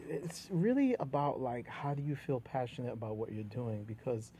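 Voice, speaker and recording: A middle-aged man with a New York accent, a comedian and playwright chatting as a guest in an animated, storytelling way. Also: mid-range voice, normal speed, breathy edge. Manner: animated storyteller, drops into quoted voices and laughs. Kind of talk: casual conversation.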